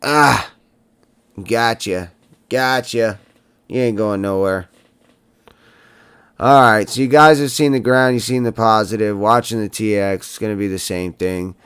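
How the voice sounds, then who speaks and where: A man with a lowish, smooth, resonant voice walks viewers through a fiddly build at his workbench. He talks casually, half to the camera and half to himself, with little muttered asides as he works. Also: unhurried, long pauses, a bit bright. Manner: chatty, talks to himself while soldering, muttering frustration. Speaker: drone building tutorial host. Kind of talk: casual hands-on tutorial.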